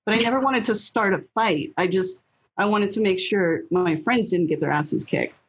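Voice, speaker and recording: A woman in her thirties with a husky, slightly breathy voice at an ordinary middle pitch. She is from New Hampshire and is a guest in an interview, telling stories in a blunt, casual way. She swears freely and acts out her own past lines. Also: moderate pace, rough recording. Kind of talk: casual storytelling.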